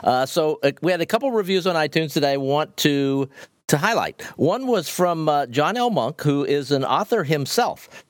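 Male co-host, animated delivery, cheerful, dry studio sound. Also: a little high, moderate pace, dry recording. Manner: upbeat, reads listener reviews aloud. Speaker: podcast co-host. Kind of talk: casual podcast chat.

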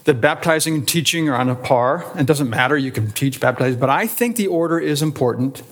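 Here the man teaching the adult Sunday school class sounds high-pitched with lively intonation. The pastor works deliberately through short listed phrases, stressing words and raising rhetorical questions.

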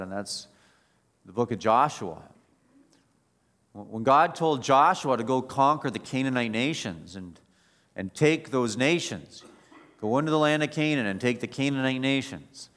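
A male pastor preaching a sermon at a middle pitch. He swings from quiet, reflective stretches to loud, emphatic passages that build in force.

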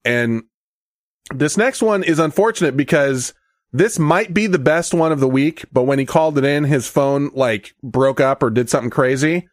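A man's voice: fairly high pitch, normal speed, no room sound, studio quality. A man hosting a podcast, chatting loosely and cursing freely. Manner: loose, profane banter. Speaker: podcast host. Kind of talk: casual chat.

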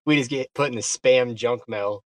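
Man with a chatty, halting manner. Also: medium pitch, no room sound. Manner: hesitant, repeats words, effusive. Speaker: guest on a community call. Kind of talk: casual chat.

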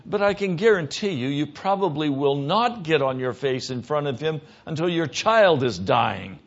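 A man preaching a sermon as pastor, emphatic, moving between hushed lines and loud ones. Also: fairly high pitch, lively intonation, moderate pace. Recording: dull lo-fi sermon recording.

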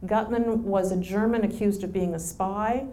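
A woman answering audience questions in a chatty, relaxed way, with frequent ums and restarts. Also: mid-range voice, moderate pace. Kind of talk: casual Q&A answers.

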